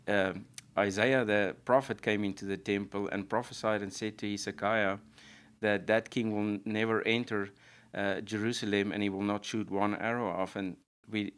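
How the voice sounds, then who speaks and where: A man with a low, smooth voice shares an earnest personal testimony. He speaks in an even, flat tone and often restarts his sentences. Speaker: pastor and guest.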